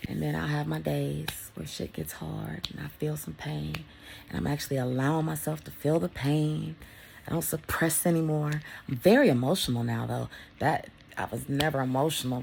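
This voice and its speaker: A woman vlogger talking in a casual motivational monologue, blunt and profane, swinging between loud emphasis and hushed whispers. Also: low voice, gravelly, slight background noise.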